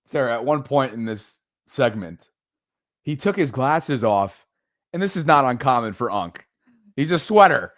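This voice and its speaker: A man hosting a sports podcast, talking in an animated way with frequent restarts. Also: mid-range voice, unhurried, dry recording, clean studio sound. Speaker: podcast host.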